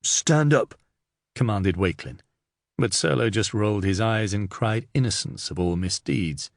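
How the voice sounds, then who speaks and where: Low gravelly male audiobook narrator. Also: no echo, clean studio sound. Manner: steady, measured reading. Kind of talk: scripted narration.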